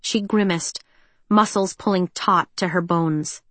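A woman reading a story aloud as narrator, in a measured, even delivery. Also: lowish voice, dry recording. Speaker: audiobook narrator. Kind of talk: scripted narration.

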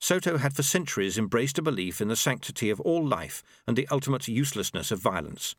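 A man narrating an audiobook in a wry, expressive storytelling manner. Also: mid-range voice, fast, no room sound, clean studio sound. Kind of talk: scripted narration.

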